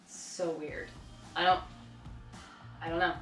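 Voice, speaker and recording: A young woman telling a casual, animated story about a night out, acting out the voices of the people in it and laughing as she goes. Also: sits low, takes it slowly, faint music behind. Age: young adult. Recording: roomy, from a distance.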